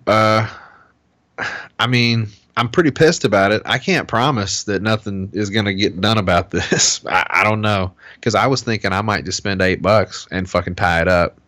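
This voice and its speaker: Low-voiced man telling a profane story. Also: moderate pace, a bit bright, no room sound. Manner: profane, heated storytelling with acted-out quotes. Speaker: podcast co-host. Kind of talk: casual chat.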